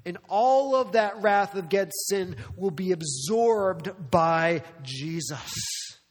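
Man preaching a sermon, emphatic and dramatic, slightly high voice, long hall reverb. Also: animated. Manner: swings between slow weighty phrasing and quick asides. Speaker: pastor.

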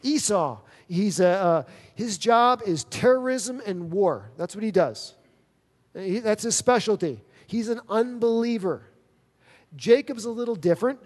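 A man's voice: high-pitched, animated, measured pace, slightly rough. A man preaching a sermon, telling a personal story in a conversational way with quoted dialogue. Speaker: pastor. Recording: long reverb of a large hall.

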